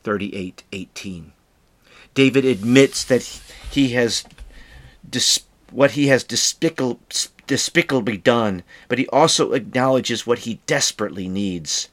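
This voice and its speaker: A man giving devotional scripture commentary, reading verses aloud and then explaining them in a deliberate way. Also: mid-range voice, a bit bright. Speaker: Bible teacher.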